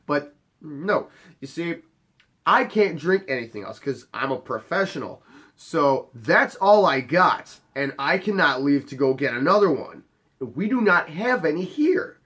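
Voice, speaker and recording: A man's voice: a little high, sing-song, measured pace, fairly bright tone, husky. A man who works as a bar bouncer and head of security, telling a story to camera in a casual, swaggering way with plenty of swearing. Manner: cocky, profane and swaggering.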